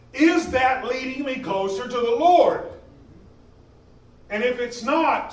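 A man preaching a sermon in a church, impassioned, swinging between loud emphasis and quieter stretches. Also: sits high. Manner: impassioned, rising and falling in emphasis. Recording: echoey room from a distance.

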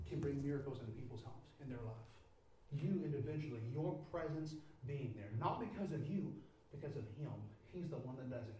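A man preaching a sermon, moving from loud pleading prayer down to low, quiet speech. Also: heavy reverb, distant mic, a little hiss or hum, poor audio.

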